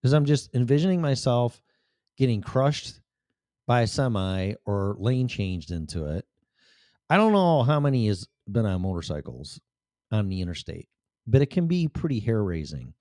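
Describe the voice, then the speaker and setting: Animated, blunt-talking man. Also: on the low side, moderate pace, dry recording, studio quality. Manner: blunt, profane, animated storytelling. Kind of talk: personal storytelling monologue.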